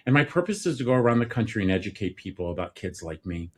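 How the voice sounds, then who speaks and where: Male podcast guest, lower register, emotional storyteller who voices the people in his stories. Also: quick pace, breathy edge. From United States. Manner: animated, acts out quoted dialogue. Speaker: podcast guest, nonprofit founder and author.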